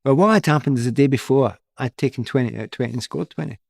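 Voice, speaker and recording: A man's voice: medium pitch, fast talker, creaky, no room sound, studio quality. A middle-aged man, a former footballer, telling anecdotes in an interview and laughing often as he goes. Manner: laughs often, animated storyteller.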